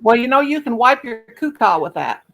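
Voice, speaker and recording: A woman's voice: fairly high pitch, very animated, brisk, low-quality recording. A middle-aged woman with a Southern US accent hosts a casual crochet livestream, playful and chatty, humming nonsense syllables. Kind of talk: casual live chat.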